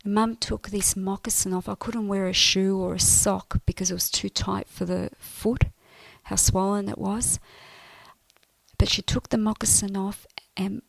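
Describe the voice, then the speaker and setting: Brief: woman, mid-pitched, unhurried, earnest testimony, close and dry sound, soft breathy moments. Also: no echo. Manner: earnest, emotional storytelling, often soft and breathy. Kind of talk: personal faith testimony.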